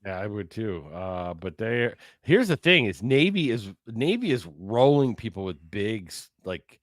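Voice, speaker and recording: A man's voice: lowish voice, sing-song, measured pace, no echo. Blunt male sports podcast co-host, dry sound. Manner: blunt, swears freely. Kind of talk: casual sports chat.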